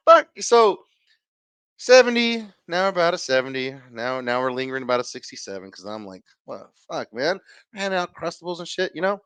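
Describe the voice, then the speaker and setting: A man in his thirties hosting a podcast, telling a rambling, profane story in a casual, animated way, acting out what people said. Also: high-pitched, smooth, no room sound. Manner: animated, profane, swings loud and quiet while acting out quotes. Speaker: podcast host.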